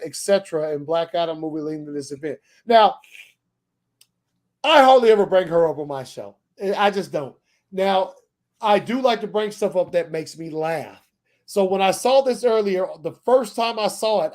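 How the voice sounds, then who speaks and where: A man's voice: high voice, darkish tone. A man hosting a live-streamed show, talking loosely with lots of restarts and swearing. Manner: loose, profane, rambling with many restarts. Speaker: podcast host. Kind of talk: casual chat.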